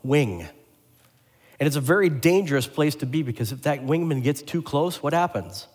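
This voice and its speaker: A pastor delivering a lively sermon, asking the congregation questions and joking with them. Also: male voice, on the high side, normal speed, breathy edge. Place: church sanctuary. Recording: long hall reverb.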